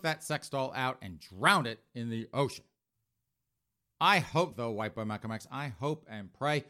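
A man's voice: fairly low pitch, lively intonation, moderate pace, pushed and bright. A man hosting a podcast with mocking, sarcastic commentary, often addressing listeners as folks. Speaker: podcast host.

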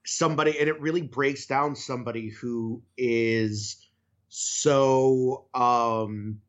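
A man's voice: medium pitch, fairly even intonation, slow pace, highs cut off. A man co-hosting a podcast, chatting loosely and enthusiastically in a casual review conversation, with some filler words. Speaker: podcast co-host.

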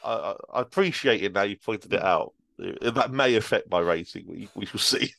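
A man's voice: on the low side, animated, normal speed, gravelly, a bit bright, no echo. A man hosting a casual podcast, chatting and reading stories aloud, often laughing and making asides about himself. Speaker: podcast host and reader. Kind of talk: casual chat and story reading.

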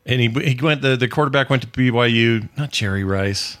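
A man's voice: mid-range voice, a little fast, a bit bright, smooth, no echo. A middle-aged man hosting a casual live-streamed podcast chat, rambling and full of puns. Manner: jokey, rambling, punning. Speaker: podcast host.

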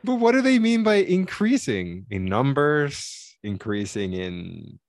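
A man's voice: mid-range voice, very animated, slow pace, no room sound, clean studio sound. A man co-hosting a podcast in casual chat, reading comments aloud and breaking off with sarcastic asides. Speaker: podcast co-host.

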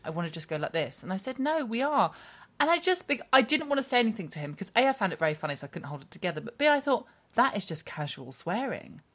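A woman's voice: medium pitch, sing-song, quick pace, few pauses, a bit bright. A middle-aged woman co-hosting a casual chat, dry and teasing, telling stories with acted-out quotes. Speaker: podcast co-host.

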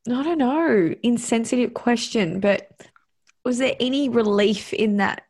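A woman interviewer asking gentle, hesitant questions. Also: fairly high pitch, unhurried.

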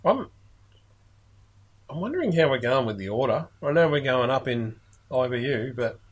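A chatty man jokes his way through a beer tasting with his co-host. His voice jumps around with expressive pitch. It has a slightly husky grain. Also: normal speed. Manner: chatty, joking, animated. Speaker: podcast co-host. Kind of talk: casual beer-tasting chat.

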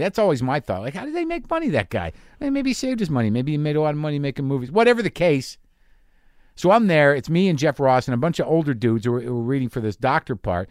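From his garage studio, a man hosts a podcast, telling stories in a rambling, profane, self-deprecating casual monologue. His mid-range voice comes through with studio quality and no echo.

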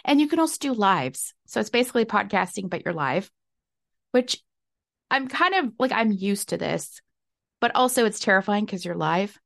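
A woman's voice: medium pitch, very animated, moderate pace, creaky, a bit bright, dry recording, studio quality. A young woman hosting a solo podcast, talking candidly and reflectively, often laughing at herself. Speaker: podcast host. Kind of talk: casual solo podcast talk.

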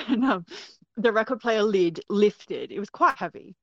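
A woman telling a personal story in a casual, animated way, acting out the voices she quotes. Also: medium pitch, normal speed, dry recording. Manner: animated, acts out quoted voices, laughs often. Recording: dull, dry lo-fi recording.

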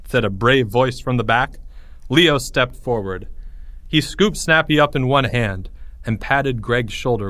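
A man reads a children's story aloud in a mid-range voice, keeping an even, measured pace. The recording is dry and close, with no room sound. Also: mid-range voice, no echo. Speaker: narrator. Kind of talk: storybook narration.

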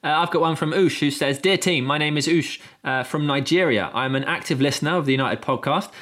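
A man's voice: on the high side, fairly quick, fairly bright tone. A man co-hosting a football podcast, adding dry facts and reading listener emails aloud. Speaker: podcast co-host.

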